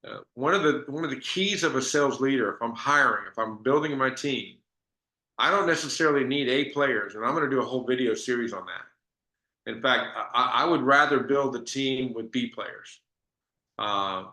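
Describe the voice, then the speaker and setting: Bright-voiced man telling sales stories. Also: mid-range voice, moderate pace, roomy sound. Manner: conversational storytelling with restarts. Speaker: sales trainer. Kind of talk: business training talk.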